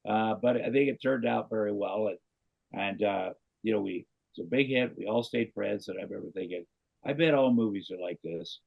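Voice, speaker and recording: A man's voice: on the low side, moderate pace, vocal fry, breathy edge. A middle-aged man from Iowa, a comedian guest, telling a long anecdote and acting out the voices of the people in it. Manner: animated anecdote teller, acts out quoted voices. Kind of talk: casual storytelling interview. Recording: dull lo-fi podcast audio.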